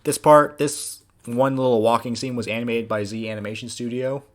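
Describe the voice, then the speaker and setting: A man, the creator of an animated series, giving a casual, rambling director's commentary with many fillers. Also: mid-range voice, brisk, faint music behind.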